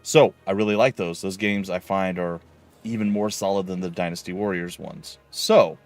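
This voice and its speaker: A man's voice: low voice, steady tone, normal speed. A man streaming a game live, chatting casually and rambling with many fillers as he plays. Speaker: let's play streamer.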